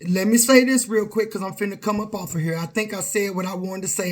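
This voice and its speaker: A woman's voice: medium pitch, normal speed, few pauses. A middle-aged woman, speaking straight to camera in an emphatic, confrontational rant full of repeated lines. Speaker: vlogger.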